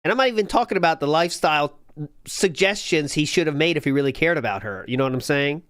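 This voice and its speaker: A man's voice: a little high, expressive, fast, fairly bright tone, smooth, dry recording, clean studio sound. A man hosting a watch-party stream, reading chat and making wry comments between laughs. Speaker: host.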